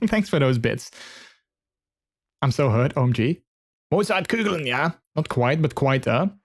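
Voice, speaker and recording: A man's voice: a little high, expressive, takes it slowly, long pauses. A man streaming live and chatting casually with his viewers, giggly and talkative, speaking into a headset mic. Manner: chatty and giggly, many fillers and restarts.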